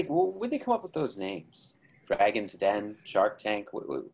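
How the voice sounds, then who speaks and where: A man's voice: on the low side, huge pitch swings, unhurried, gravelly, darkish tone, breathy edge. A man in a casual chat over a video call, telling rambling anecdotes with many restarts.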